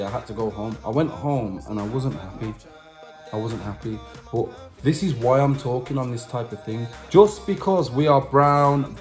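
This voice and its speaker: A man's voice: fairly low pitch, a little mellow. A man vlogging to his subscribers, telling a personal story in a chatty, repetitive way with slang asides. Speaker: vlogger and musician. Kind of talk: casual storytelling to camera.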